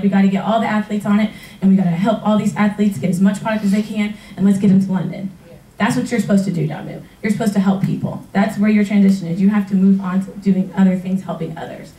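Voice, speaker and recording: A woman, a retired track athlete, tells her story in a personal testimonial, animated and laughing often as she acts out past conversations. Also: mid-range voice. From United States. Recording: roomy sound from a distance.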